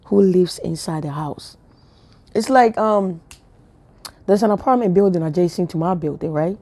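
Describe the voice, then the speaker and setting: A woman's voice: fairly low pitch, moderate pace, dark tone. A woman giving a casual spiritual talk to camera, telling chatty stories with laughs and whispered asides. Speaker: spiritual vlogger.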